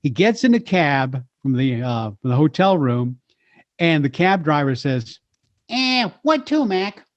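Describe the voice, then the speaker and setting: A man's voice: mid-range voice, a little slow, dry recording. A man, a voice actor and impressionist, telling stories animatedly as a guest in a chat. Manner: animated storyteller, slips into voices. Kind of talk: storytelling chat. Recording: slightly dull lo-fi sound.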